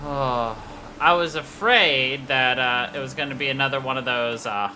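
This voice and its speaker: Streamer, casual and rambling, mid-pitch, game music under. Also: normal speed, hardly any pauses, pushed and bright. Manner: loose, rambling, swears freely. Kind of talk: casual gameplay commentary.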